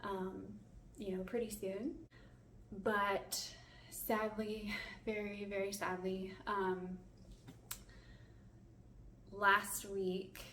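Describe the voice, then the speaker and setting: Young female vlogger, mid-pitched, halting and soft, recorded a little off-mic in a reverberant small room. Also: a little hiss or hum. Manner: soft-spoken, hesitant, many fillers, holding back tears. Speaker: family vlogger. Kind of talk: casual vlog to camera. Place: home bathroom. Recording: echoey bathroom, mic at a distance.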